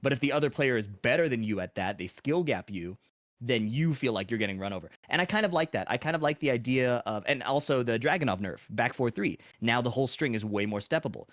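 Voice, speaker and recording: Measured, thoughtful male analyst. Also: mid-range voice, animated, a bit bright, no echo, studio quality. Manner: measured, thoughtful, with filler words. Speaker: panel guest. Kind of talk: analytical panel discussion.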